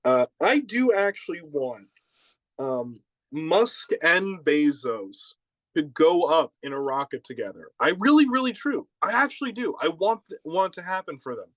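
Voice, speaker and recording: Host guy rambling, kinda high voice, laughs a lot, dry close sound. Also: big pitch swings, moderate pace, fairly bright tone, no room sound, poor audio. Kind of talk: casual chat.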